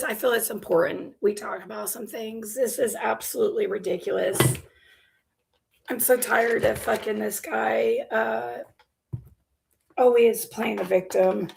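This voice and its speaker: Sick woman losing her voice, gravelly and slow, swearing mad rant reacting to a clip. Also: fairly high pitch, fairly even intonation, slight background noise. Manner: exasperated, swears often, sarcastic. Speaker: commentary channel host.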